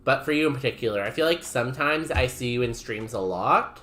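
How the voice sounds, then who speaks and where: A man's voice: mid-range voice, animated, a little fast, pushed and bright. A man streaming a game, chatting casually and rambling while he reads messages from chat aloud.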